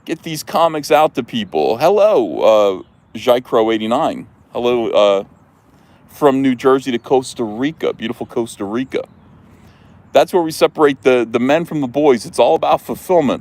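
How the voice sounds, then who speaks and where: A man's voice: mid-range voice, a little mellow. A man hosting a livestream as a comics publisher, delivering a rambling, bombastic, mock-patriotic rant full of "uh" fillers.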